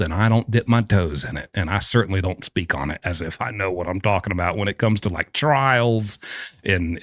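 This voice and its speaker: A man in the middle of a pitch range swings his voice up and down as he rants bluntly, mocking what he reacts to. The sound is dry and close, with no room around it. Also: dry recording. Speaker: commentator who says he knows prison. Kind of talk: opinionated reaction commentary.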